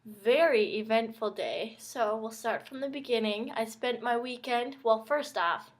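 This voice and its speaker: A young woman with a high voice tells a long story to her camera. She talks in a chatty, wry, exasperated way and often quotes her own thoughts. It sounds like a casual home vlog from Minnesota. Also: measured pace. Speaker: vlogger.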